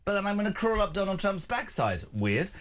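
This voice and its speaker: A man's voice: high voice, brisk. An older man with a British accent hosting breakfast radio, blunt and chatty, reading out listener messages. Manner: blunt, animated, reads listener texts aloud. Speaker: radio host.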